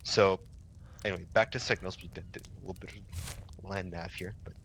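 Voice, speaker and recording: A young man with a fairly low voice explains radio procedure to a trainee in a relaxed, loose way, restarting sentences and swearing offhandedly. A faint hiss of background noise sits under his voice. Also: normal speed. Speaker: milsim instructor. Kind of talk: casual training session.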